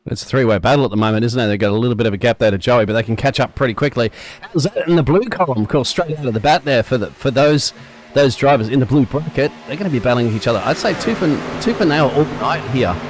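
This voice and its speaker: Casting: male color commentator, very quick delivery, casual explanations, faint noise in the background. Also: mid-range voice, expressive. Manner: rapid, chatty analysis with fillers. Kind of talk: sim racing commentary.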